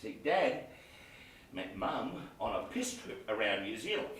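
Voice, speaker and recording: A man's voice: fairly low pitch, big pitch swings, measured pace, fairly bright tone. An actor playing a crude, swaggering Australian man who looks back on his family, performed on stage. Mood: reminiscing. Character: brash Australian bloke reminiscing about family, adult man. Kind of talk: stage play acting. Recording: echoey theatre from far off, faint noise.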